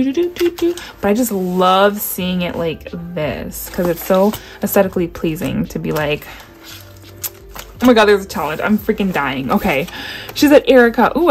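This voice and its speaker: A young woman vlogger chatting excitedly through an unboxing. She gasps often and keeps saying how much she loves each item. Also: medium pitch. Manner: gushing, gasping, repeats "oh my gosh".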